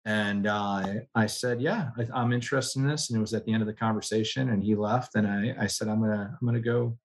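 A man's voice: fairly low pitch, brisk. A man from the United States, an army veteran guest telling personal stories in a conversational interview, with many fillers and acted-out quotes. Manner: animated storyteller, many fillers, acts out quoted voices. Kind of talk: conversational storytelling.

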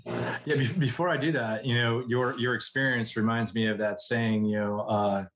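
A man from the United States, an army veteran, telling stories from his past as a guest. He speaks at a medium pitch, with plenty of fillers, and he acts out the voices of the people in his stories. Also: normal speed. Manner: animated storyteller, many fillers, acts out quoted voices. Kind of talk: conversational storytelling.

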